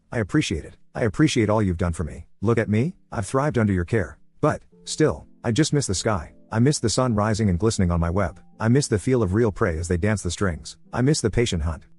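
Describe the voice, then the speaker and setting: A man voicing a gentle female pet spider, speaking softly and politely with a wistful tone. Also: on the low side, husky.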